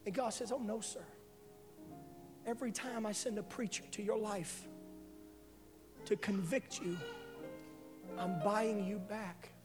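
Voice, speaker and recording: High-voiced preacher in a reverberant hall. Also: male voice, fairly even intonation, unhurried, long pauses. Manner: emotional testimony, builds to loud climax. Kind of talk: sermon. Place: church sanctuary. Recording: live hall with reverb and faint music.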